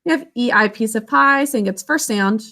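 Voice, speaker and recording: A woman teaching a children's spelling lesson, sounding out words letter by letter and syllable by syllable in a slow, patient way. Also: a little high, bright, forceful tone. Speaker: literacy teacher.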